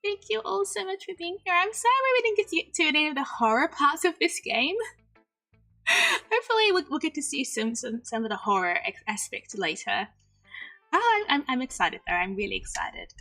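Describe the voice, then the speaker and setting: A woman's voice: high voice, very animated, normal speed, creaky, sharp tone, soft background music. A woman streaming a game and chatting casually, bubbly and giggly, sprinkling in Japanese phrases. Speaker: VTuber streamer. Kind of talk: casual livestream chat.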